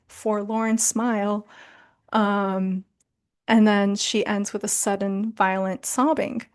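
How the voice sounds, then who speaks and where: Woman, book club leader, chatty, filler-heavy explaining, mid pitch. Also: fairly even intonation, takes it slowly. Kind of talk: casual literature discussion.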